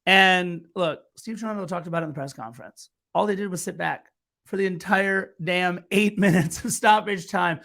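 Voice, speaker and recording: Bright-voiced excitable male podcast co-host. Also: sits high, normal speed, vocal fry. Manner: excitable play-by-play recap, teasing. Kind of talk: fan podcast match recap.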